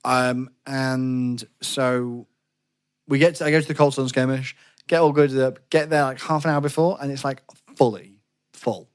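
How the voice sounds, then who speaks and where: A British man co-hosting a podcast, chatting in an easygoing way about his plans at a live-action role-play event. His voice has a middle pitch, and he tells the story with a self-deprecating lightness. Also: steady tone, normal speed, smooth. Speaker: podcast co-host. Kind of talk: casual chat about a larp event.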